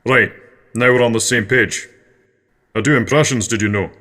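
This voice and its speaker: Blunt, gruff Scottish man for a deadpan absurdist comedy guest spot. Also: medium pitch, moderate pace. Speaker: interview guest.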